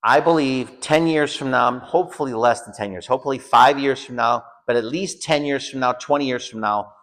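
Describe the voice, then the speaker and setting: An American man at a medium pitch, teaching an informal lesson. He tells a personal story with lots of energy, repeats himself, restarts and jumps up loudly when he acts out the people in it. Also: brisk. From United States. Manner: animated storyteller, acts out shouted quotes. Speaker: home school teacher.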